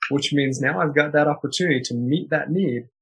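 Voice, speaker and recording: A man's voice: on the high side, brisk, husky, poor audio. A man answering podcast interview questions as a guest author, in an earnest, emphatic, motivational way.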